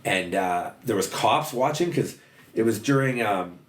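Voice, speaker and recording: A man with a very deep voice tells his story in a loose, rambling way, swearing often and leaning on "like." He sits back from the mic in an echoey room with a faint hum of noise behind him. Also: expressive, a little slow. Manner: rambling, profane, heavy use of "like". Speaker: podcast guest. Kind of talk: candid storytelling about addiction. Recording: roomy, distant mic, faint background noise.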